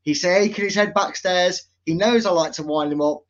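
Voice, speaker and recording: A chatty man hosts a casual football podcast. He teases his guest and keeps calling him mate. His voice sits a bit high, and the sound is somewhat muffled and lo-fi. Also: normal speed. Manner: chatty, teasing, says mate a lot. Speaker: podcast host. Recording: slightly dull lo-fi sound.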